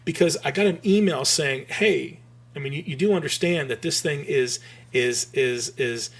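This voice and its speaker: A man in his forties from Michigan, telling a rambling story as a podcast guest, full of restarts and animated asides. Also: a little high, moderate pace, breathy edge. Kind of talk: casual storytelling.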